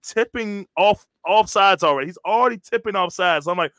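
Casual sports-show host, a man with a bright, forceful voice who tells stories full of slang. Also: high-pitched, brisk, no room sound, clean studio sound. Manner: animated storytelling, slangy, says "bro" constantly. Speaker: podcast host, former college lineman. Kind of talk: casual chat.

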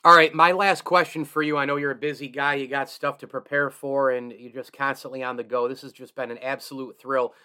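A man's voice: mid-range voice, flat delivery, a little fast, few pauses, bright, forceful tone, clear, resonant tone. A man hosting a sports radio interview, effusive and openly enthusiastic toward his guest. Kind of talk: casual interview.

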